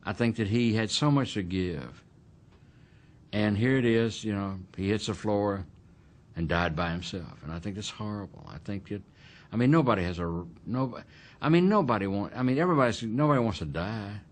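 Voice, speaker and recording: A man's voice: fairly low pitch, expressive, normal speed. A man, telling his memories bluntly and emphatically in a documentary interview.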